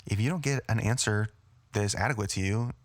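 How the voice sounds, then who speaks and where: A man with a very low, deep voice co-hosts a casual podcast, speaking calmly and steering the talk with short pauses. His voice sits close to the mic with no room sound at all. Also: no echo. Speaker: podcast co-host.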